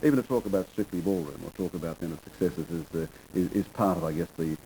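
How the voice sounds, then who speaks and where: A man's voice: low voice, quick pace, warm tone, a little hiss or hum, rough recording. A man with an Australian accent hosting a TV talk show, asking probing questions in bursts with frequent restarts. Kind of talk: TV interview.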